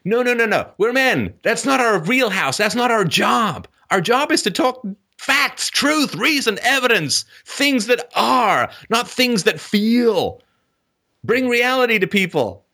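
A man's voice: extremely high pitch, very animated, unhurried, bright, forceful tone. A middle-aged man hosting a call-in show, delivering an emphatic, sarcastic rant broken up by laughs and mocking put-on voices. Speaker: host.

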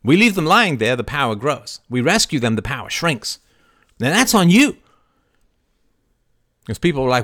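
A middle-aged man hosting a live show, talking passionately and swinging from soft asides to loud, emphatic outbursts. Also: a little high, big pitch swings, normal speed, pauses often, dry recording, studio quality. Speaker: show host. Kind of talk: impassioned live-stream monologue.

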